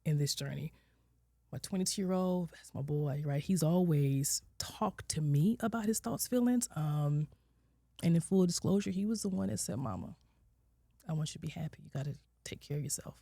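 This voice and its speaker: A woman in her forties, a social worker, telling her personal story as a podcast guest, candid, acting out her own and her children's words and sometimes dropping to a soft near-whisper. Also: sits low, normal speed, dry recording, studio quality. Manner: candid, quotes herself and her kids with lively shifts, drops to soft near-whispers. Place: podcast studio.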